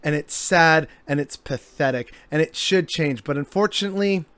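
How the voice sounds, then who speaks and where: A man's voice: fairly high pitch, normal speed, fairly bright tone, clean tone. A man delivering an exasperated, sarcastic commentary monologue as a vlogger.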